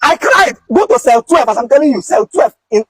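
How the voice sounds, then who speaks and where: A man's voice: extremely high pitch, expressive, fast, warm tone, slightly rough, dry recording. A young Nigerian man with a Nigerian accent, making an urgent, pleading direct-to-camera appeal and repeating phrases. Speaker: content creator recounting police detention.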